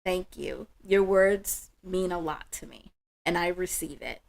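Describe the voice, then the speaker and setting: A woman's voice: fairly low pitch, creaky. A woman hosting a spiritual livestream, chatting with viewers in an emotional, affirming way. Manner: warm, emotional, affirming, slow and soft-spoken. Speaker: livestream host.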